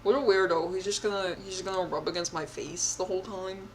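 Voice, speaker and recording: A woman's voice: on the low side, fairly even intonation, fast, slight background noise. A young woman streamer reading a text game aloud and reacting, chatty and giggly, with a mock-indignant edge.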